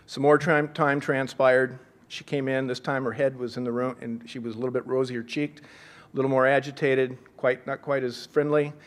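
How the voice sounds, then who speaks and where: A middle-aged man from Seattle giving an earnest, reflective speech, telling a personal story with gentle humor. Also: mid-range voice, flat delivery, fairly quick. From Seattle, USA. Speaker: speaker at a leadership event.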